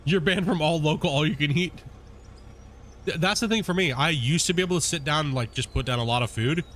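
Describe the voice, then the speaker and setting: A man streaming a game, chatting casually with his viewers in a relaxed, rambling way full of fillers. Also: on the high side, fairly quick. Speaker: gaming streamer. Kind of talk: casual chat with live viewers while playing.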